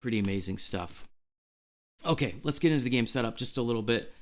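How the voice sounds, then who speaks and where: A man hosting a live stream, giddy and out of breath, reading chat messages aloud in an excited chat. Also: mid-range voice, quick pace.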